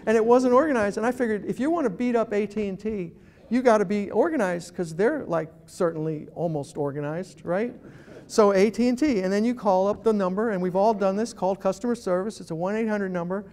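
A man's voice: high voice, darkish tone. A man giving a humorous talk to a live audience as a guest speaker, telling stories and acting out phone calls.

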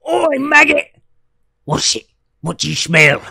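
A man putting on the voice of a gruff fantasy orc who shouts growling taunts. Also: very high voice, very animated, unhurried, dry recording, clean studio sound, pitched above the performer's own voice, heavily acted. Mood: snarling.

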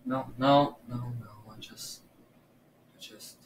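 This man has a medium-pitched voice with fairly even intonation and takes his time, over a noisy background. A gaming YouTuber, he gives casual reaction commentary at home, nervous, stammering, and repeating himself. The recording sounds roomy, picked up from a distance by a laptop or earbuds mic.

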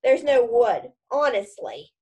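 A woman's voice: fairly high pitch, expressive, moderate pace. A woman reading aloud and voicing a sarcastic, hot-headed schoolboy wizard. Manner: sarcastic, exasperated.

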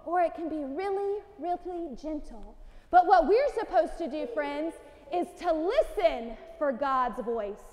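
A woman pastor leads a children's sermon in a very high, bright voice, taking her time over each phrase. She is animated and coaxing as she draws the kids into gestures. Her voice rings with the long reverb of a church sanctuary.

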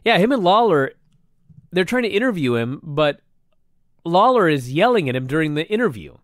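A man co-hosting a podcast in casual chat, animated and swearing freely, shouting when he quotes someone. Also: fairly high pitch, normal speed, dry recording, clean studio sound. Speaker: podcast co-host.

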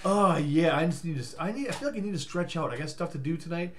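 A man's voice: a little high, animated, quick pace, noisy background. A tired man vlogging in a rambling, stammering way, breaking into silly sing-song riffs. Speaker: life coach vlogger. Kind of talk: rambling casual vlog.

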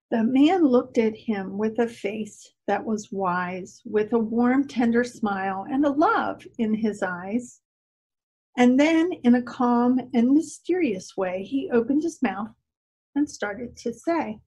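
A woman reading a rhyming story aloud at a church service, slow and expressive. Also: a little high, slightly rough, rough recording.

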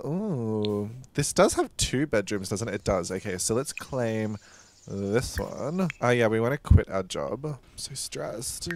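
A young drag queen hosting a gameplay video, gushing and cursing through every moment. The voice sits mid-range but bounces wildly up and down. Soft game music plays underneath. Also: medium pitch. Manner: chatty, swears freely, gushing exclamations. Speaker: drag queen let's play host. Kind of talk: casual gameplay commentary.

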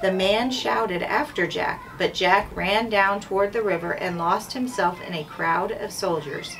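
A woman's voice: mid-range voice, a bit bright. Woman principal reading a children's book. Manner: clear, measured storytelling to children. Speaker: school principal reading aloud. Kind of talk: children's book read-aloud. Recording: distant mic, faint background noise.

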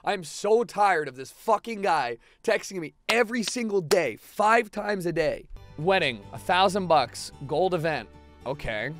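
Young man, high voice, swooping animated delivery, cursing, excitable let's play commentary, faint music behind. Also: unhurried, dry recording. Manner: profane, excitable, bursts into shouting. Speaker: gaming video host.

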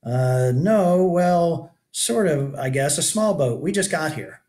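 A man's voice: a little high, animated, slow, a little mellow, voice pushed up. A man doing a curious ten-year-old boy. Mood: hesitant. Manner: eager, questioning.

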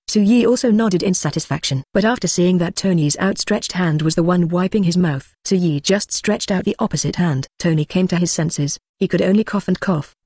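A text-to-speech audiobook narrator reading a translated web novel in an even, unexpressive way that reads punctuation aloud. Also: mid-range voice, slightly rough, dry recording, clean studio sound.

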